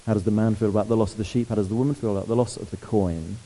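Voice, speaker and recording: A man preaching a sermon, lively and conversational, asking the congregation questions. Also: on the low side, rapid-fire, poor audio.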